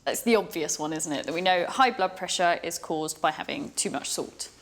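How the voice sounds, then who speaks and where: A woman's voice: on the low side, normal speed. A woman dietitian, explaining a diet to a patient in a friendly, reassuring way.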